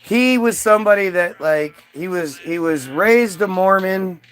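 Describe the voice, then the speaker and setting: High-voiced man rambling through a story. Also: animated, a little slow, fairly bright tone, soft background music. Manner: rambling, heavy with fillers and restarts. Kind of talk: casual storytelling monologue.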